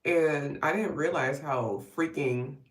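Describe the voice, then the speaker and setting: A woman with a deep voice talks slowly while doing her makeup at home for a live get-ready stream. As a vlogger, she chats casually and rambles, adding wry asides. The audio is roomy, as if recorded from a distance.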